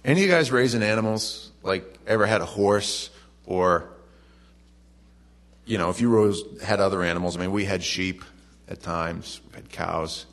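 A middle-aged man preaching a sermon, telling the story in a relaxed, conversational way with lively asides to the congregation. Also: sits low, moderate pace. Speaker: pastor.

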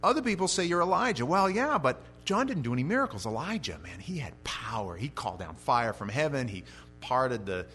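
Here a male pastor delivers an expository sermon in a sing-song, brisk manner, faint music playing behind him. He alternates chatty asides with emphatic lines, his volume and pitch rising and falling sharply.

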